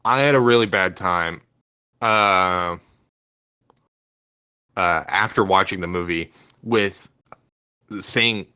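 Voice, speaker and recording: A man's voice: deep voice, slow pace, long pauses, sharp tone, smooth. A Canadian man co-hosting a podcast from home, talking casually with lots of fillers and hesitations. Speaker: podcast co-host. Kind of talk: casual chat. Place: home room.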